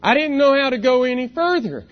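A man's voice: very high-pitched, animated, a little fast, clear, resonant tone, dull audio. A man, a church elder, preaching a sermon in an earnest, reflective way, often posing rhetorical questions.

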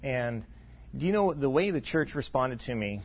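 A man in his forties, a pastor, preaching a sermon in an earnest, self-deprecating way, often restarting and clearing his throat. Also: medium pitch, animated, moderate pace, lo-fi sound. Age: 40s.

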